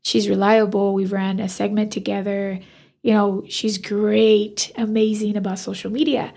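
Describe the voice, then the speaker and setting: A woman's voice: mid-range voice, normal speed, vocal fry. A woman, a hairstylist, telling a story in a casual interview and acting out the dialogue. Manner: animated, acts out quoted dialogue. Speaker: hairstylist guest.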